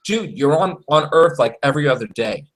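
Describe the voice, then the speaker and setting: A man talking in an animated, exclaiming way in a casual fan chat, acting out quotes as he goes. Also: on the high side, a little fast, slight background noise, low-quality recording.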